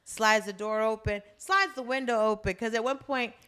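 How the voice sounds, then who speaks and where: A woman's voice: fairly high pitch, normal speed, clear, resonant tone. A woman co-hosting a podcast, casually recapping a drama and acting out the characters' lines. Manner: animated storyteller, acts out characters' lines. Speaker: podcast co-host.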